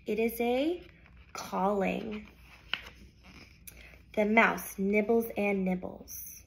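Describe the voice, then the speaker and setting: A young adult woman teacher reading a picture book aloud to young children in a slow, sing-song storybook voice. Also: medium pitch, gravelly.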